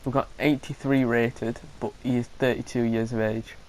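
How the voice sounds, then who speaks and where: A man commentates his gameplay while thinking aloud, hesitant and full of restarts, coughing now and then. His medium-pitched voice has little pitch movement at a normal speed, and the poor audio carries slight background noise.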